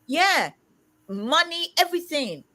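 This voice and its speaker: A woman in her fifties hosting a casual livestream chat, talking loudly and emphatically. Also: sits high, very animated, takes it slowly. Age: 50s. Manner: loud, emphatic and outspoken. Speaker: livestream host.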